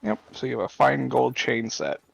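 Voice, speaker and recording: Gravelly-voiced man running the game. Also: medium pitch, normal speed. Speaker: game master. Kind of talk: narrating a tabletop game.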